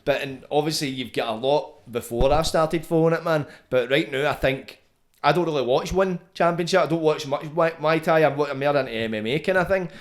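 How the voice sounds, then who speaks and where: A man's voice: on the high side, brisk. A man hosting a podcast, talking in a loose, sweary, casual way and ending phrases with "man". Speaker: podcast host.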